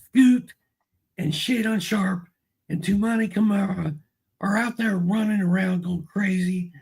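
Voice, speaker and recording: A man co-hosting a fantasy basketball talk show, speaking in a relaxed, casual way with some hesitation. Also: high-pitched, a little slow, gravelly, husky. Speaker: co-host and fantasy analyst. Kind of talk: casual chat.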